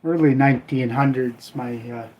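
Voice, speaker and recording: A man's voice: mid-range voice, moderate pace, dull audio. An older man from Minnesota hosting a live stream, chatting casually in a rambling, folksy way while he cooks. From Minnesota, USA. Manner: rambling, folksy, trailing off with "I don't know"; cooking while he talks. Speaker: livestream host.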